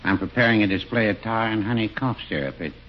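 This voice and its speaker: An actor playing a timid, hesitant middle-aged druggist in an old radio comedy. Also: male voice, lowish voice, fast talker, natural voice. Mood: mild. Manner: mild, hesitant. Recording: dull old radio recording, faint hiss.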